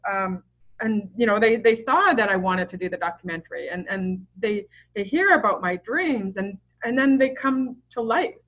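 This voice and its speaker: In a casual podcast interview, a middle-aged woman with a medium-pitched, slightly bright voice chats openly, telling stories full of fillers and false starts. The recording is low quality.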